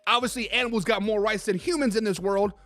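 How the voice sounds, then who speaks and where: A man's voice: high-pitched, fairly even intonation, fast talker, fairly bright tone, no echo, soft background music. A man hosting a casual livestream sports talk show, rambling loosely and reading viewers' chat comments aloud.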